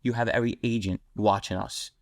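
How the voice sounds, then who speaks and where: Here the guest's voice is lowish and steady, captured with studio quality and no echo. He fires off blunt street stories in a podcast interview, quoting other people in their own voices.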